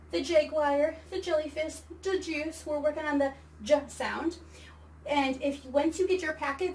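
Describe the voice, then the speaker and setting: A woman with a high voice teaches a kindergarten class by video, sounding out words slowly and clearly for small children. She sits a little away from the mic. A faint hiss runs underneath. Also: far from the mic, poor audio. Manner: slow, exaggerated word-by-word reading for children. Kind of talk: virtual read-aloud and phonics lesson. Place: home or classroom, recording a video lesson.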